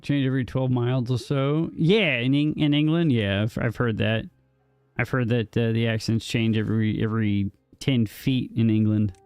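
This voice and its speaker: A man's voice: mid-range voice, steady tone, normal speed, darkish tone, clear, resonant tone, dry recording, soft background music. A man streaming a game live, chatting casually and joking with repeated words and chuckles. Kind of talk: casual chat while gaming.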